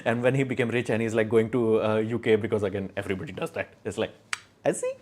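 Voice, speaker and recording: A man's voice: fairly low pitch, little pitch movement, fast, a little mellow. A young man from India hosting a casual livestream, talking in a blunt, argumentative, rambling way. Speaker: live stream host.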